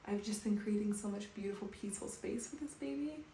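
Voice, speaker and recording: A woman in her thirties talking softly and calmly to camera in a personal home vlog. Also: medium pitch, brisk, gravelly. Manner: soft, calm, reflective. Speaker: vlogger. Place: bathroom at home, indoors. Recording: echoey room with faint background noise.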